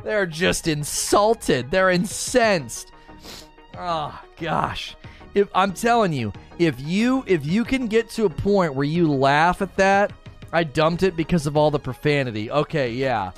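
A man's voice: on the high side, expressive, unhurried, faint music behind. A man in casual gaming chat as a YouTuber host, laughing often and repeating phrases.

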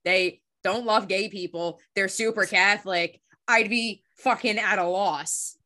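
Blunt, profane young American woman co-host with a bright voice. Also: mid-range voice, unhurried. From United States. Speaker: podcast co-host. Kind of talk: casual chat.

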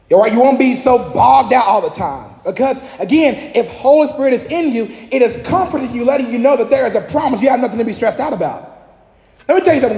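A man with a very high, gravelly voice preaches a lively sermon in a church hall. He is energetic and joking, and he often shouts out to the congregation. The echoey room carries a long reverb behind him.

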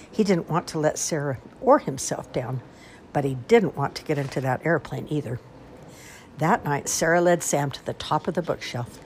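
An older woman reading a children's storybook aloud in an expressive, animated way. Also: low-pitched, slight background noise.

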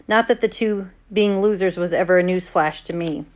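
A woman's voice: fairly low pitch, normal speed. A woman teacher reading a novel aloud to her class in a plain, conversational way.

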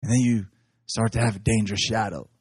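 A man preaching, telling excited stories from his services and often laughing as he talks. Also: on the low side, quick pace, husky, no room sound, clean studio sound. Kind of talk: animated sermon storytelling.

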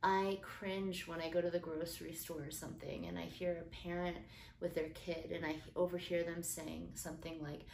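Gentle, sincere middle-aged mom host; phone-mic sound, echoey room, light hiss. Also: female voice, fairly low pitch, flat delivery, moderate pace, creaky. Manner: earnest, gentle, with soft fillers and restarts. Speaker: podcast host. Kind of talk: casual faith-based parenting talk. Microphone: built-in phone mic. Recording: roomy phone recording with faint noise.

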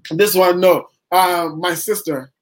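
A man's voice: sits high, steady tone, slow pace, poor audio. A man talking casually as a guest poet in an interview, rambling with many fillers and restarts.

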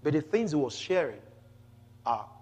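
A man preaching a Bible teaching sermon, reading scripture aloud with rising emphasis and pausing to explain it, often saying hallelujah. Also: on the high side, very animated, a little mellow, in a large hall, muffled recording. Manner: peppers talk with "glory to Jesus" and "hallelujah".

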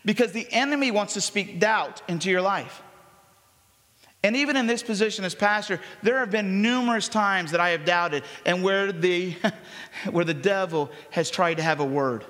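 A man preaches to his church in a high, lively voice. He talks to the congregation like it's a conversation and acts out the voices of the people in the story. His voice rings with long reverb through the sanctuary. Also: normal speed. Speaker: pastor. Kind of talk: sermon.

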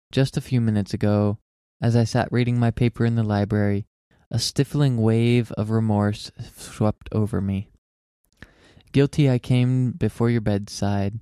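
A young man co-hosting a podcast, chatting casually and reading a poem aloud in an earnest, measured way. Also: mid-range voice, mellow, clean tone, no room sound, studio quality. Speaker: podcast co-host.

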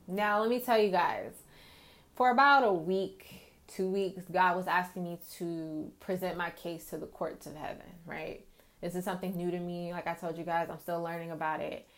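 A woman speaking candidly to her viewers about her faith and marriage, talking in loose run-on stories full of "like" and "right?", and dropping to a quieter voice when she retells her prayers. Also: lowish voice. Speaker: faith vlogger. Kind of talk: casual testimony to viewers.

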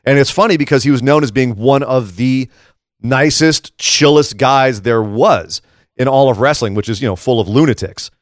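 Male podcast co-host, lively conversational delivery, dry studio sound. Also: medium pitch, no room sound. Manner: animated, quick asides, many restarts. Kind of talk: casual wrestling news chat.

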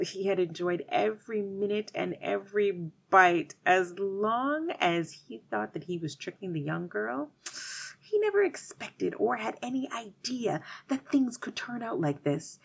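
A woman hosts a storytelling show, narrating a folk tale in an expressive, animated way. Her voice is low and husky. She takes her time, and her pitch rises and falls a great deal.

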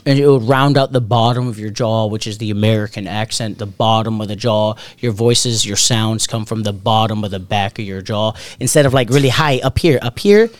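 A man's voice: fairly low pitch, steady tone, brisk, hardly any pauses, no echo. A man co-hosting a podcast in casual, profane, joking chat, rambling and restarting his sentences. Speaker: podcast co-host.

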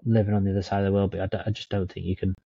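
A man's voice: low voice, flat delivery, very fast, vocal fry, warm tone, breathy edge, no echo. Laid-back man co-hosting a podcast, dull dry sound. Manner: laid-back, swears, says "mate". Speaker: podcast co-host. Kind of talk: casual chat. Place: in Dublin, remote call.

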